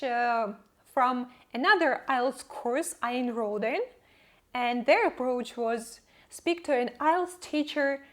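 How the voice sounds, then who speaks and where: A young woman, not a native English speaker, telling her language-learning story in an earnest, measured vlog narration. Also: high voice. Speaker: English-learning channel host. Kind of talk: scripted personal vlog narration.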